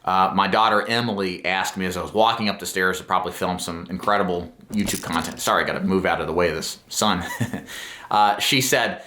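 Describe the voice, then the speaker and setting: Bright-voiced male sales coach, emphatic. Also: deep voice, fairly even intonation, brisk. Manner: earnest, emphatic, coaching, with frequent "okay?" check-ins. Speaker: insurance sales trainer. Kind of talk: instructional talk to camera. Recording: roomy echo.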